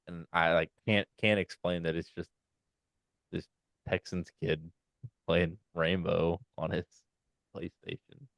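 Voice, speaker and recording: A young man co-hosting a casual podcast, telling animated stories and acting out quotes in high loud voices. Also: slow, gravelly, long pauses, no echo. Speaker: podcast co-host. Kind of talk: casual chat.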